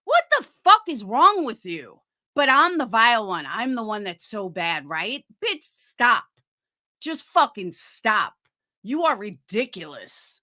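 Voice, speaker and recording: Woman ranting on her stream, high bright voice, swearing nonstop, super sarcastic. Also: very animated, unhurried. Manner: heated, profane, sarcastic. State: fighting cancer. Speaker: livestream host. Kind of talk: angry livestream rant.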